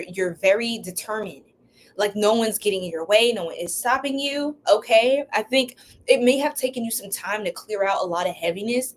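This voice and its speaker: A woman's voice: mid-range voice, slight background noise. A woman giving a casual, playful live-streamed tarot reading, using slang and laughing often. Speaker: tarot reader.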